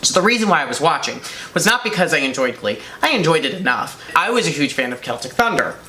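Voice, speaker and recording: A young man co-hosting a casual chat and telling a self-mocking story with animated energy. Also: fairly high pitch, quick pace. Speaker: co-host. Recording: echoey room, faint noise.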